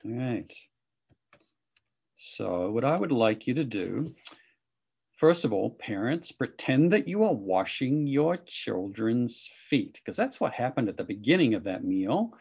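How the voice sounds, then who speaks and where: Man teacher, lively gravelly voice, dull lo-fi call audio. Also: mid-range voice, unhurried. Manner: enthusiastic, animated, coaxing. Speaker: children's ministry teacher. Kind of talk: online children's lesson.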